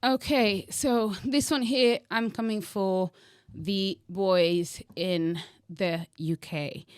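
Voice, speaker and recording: A woman's voice: mid-range voice, steady tone, slow pace, clear, resonant tone, no room sound, clean studio sound. Bold, teasing young woman vlogger. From Angola. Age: young adult. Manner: bold, teasing, dramatic emphasis. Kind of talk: opinionated direct-to-camera monologue.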